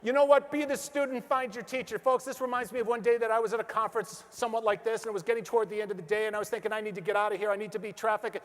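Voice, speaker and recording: A middle-aged man speaks on a stage in a high voice, telling stories to a crowd and asking them questions. His voice carries a long reverb from a large hall. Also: rapid-fire, hardly any pauses. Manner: energetic storytelling, acts out quotes, asks the crowd questions. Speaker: motivational speaker. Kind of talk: motivational stage speech.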